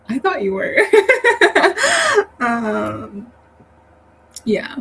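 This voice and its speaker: Woman streamer, casual and rambling, easygoing slow pace, faint fan hum behind. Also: mid-range voice, darkish tone, poor audio. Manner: chatty, rambling, laughs often. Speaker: livestream host reading chat. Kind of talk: casual livestream chat.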